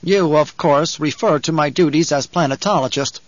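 A man's voice: fairly high pitch, moderate pace, no room sound, lo-fi sound, lightly acted. A man voicing a guarded male planetologist in an audiobook, curt and wary. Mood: stiff. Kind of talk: audiobook character reading.

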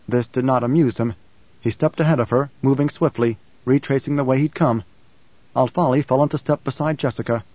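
A man's voice: mid-range voice, fairly quick, a little mellow, no echo. Man narrating a novel, dry close sound. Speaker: audiobook narrator. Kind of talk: scripted narration. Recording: slightly dull dry studio recording.

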